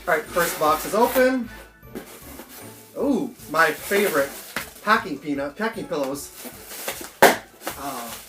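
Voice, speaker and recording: A man chatting excitedly and swearing casually through a home unboxing vlog. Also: a little high, takes it slowly, pauses often. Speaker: toy collector vlogger. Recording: roomy echo, faint background music.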